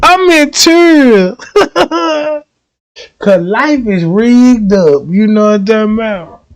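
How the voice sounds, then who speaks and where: High-voiced man, unhurried, laughing storyteller. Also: lively intonation, dry recording. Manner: laughs often, acts out quoted dialogue in slangy talk. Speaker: livestream host. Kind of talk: casual livestream storytelling.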